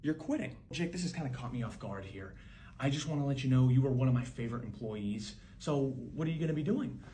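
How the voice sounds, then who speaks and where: A man's voice: mid-range voice, animated, fast, mellow, slight background noise, close to an everyday voice. A man playing several kinds of male managers in a comedy sketch, curt and businesslike. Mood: blunt. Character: blunt arrogant male boss.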